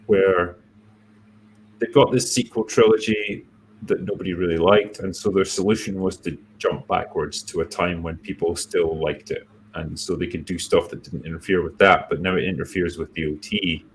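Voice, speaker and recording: A middle-aged man, hosting a casual chat, halting with many pauses and wry remarks. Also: low voice, fairly even intonation, slight background noise. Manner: laid-back, halting with many ums, wry. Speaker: host. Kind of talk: casual chat reading superchats.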